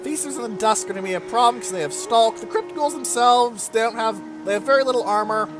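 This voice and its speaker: A man's voice: very high-pitched, fast talker, music in the background. A man giving casual, chatty commentary over his strategy game let's play, swearing now and then. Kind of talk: gameplay commentary.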